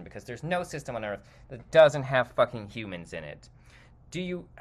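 A man's voice: lowish voice, fairly bright tone. A man hosting a podcast, delivering a heated, profane opinion monologue that rambles and interrupts itself. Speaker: podcast host.

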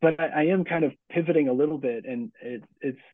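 A middle-aged man answering interview questions as a book's author, casual and halting, with many restarts and fillers. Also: on the high side, no room sound. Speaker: author and guest. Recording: tinny phone-like call audio.

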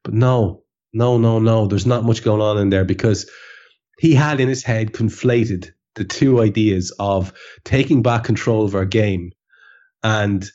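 Brief: man, podcast co-host, wry casual banter, low voice, dull lo-fi audio. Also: unhurried, darkish tone. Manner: wry, amused commentary. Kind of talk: casual chat.

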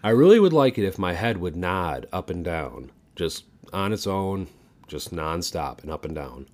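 A man doing a deadpan, odd castaway. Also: sits low, moderate pace. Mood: earnest. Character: odd male castaway making absurd wishes.

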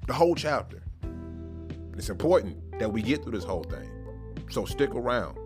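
A man's voice: lowish voice, very animated, fairly quick. A man hosting a casual Bible podcast, talking playfully and emphatically in slangy asides. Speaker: podcast host. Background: background music.

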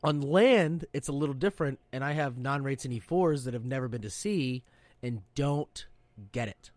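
A man hosting a podcast, telling loud, profane stories in a casual chat. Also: medium pitch, normal speed, no echo. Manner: loud, profane, animated storyteller. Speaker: podcast host, serving sailor.

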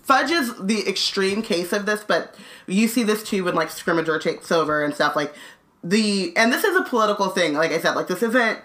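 A woman's voice: medium pitch, lively intonation, moderate pace, fairly bright tone. A woman co-hosting a podcast, reading a book aloud and breaking off to chat casually. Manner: chatty, many "like" fillers, laughs often.

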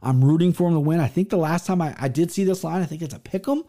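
A man's voice: fairly high pitch, fast talker, mellow. A man in his thirties hosting a podcast, talking through upcoming fights in a rambling, profane, casual monologue full of restarts. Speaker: podcast host.

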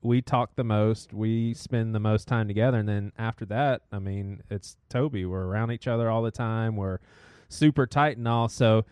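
A man's voice: lowish voice, fairly even intonation, normal speed, darkish tone, clear, resonant tone, no echo, studio quality. A man co-hosting a casual podcast who keeps the talk moving through his list of topics. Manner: keeps steering talk back to his checklist. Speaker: podcast co-host. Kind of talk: casual chat.

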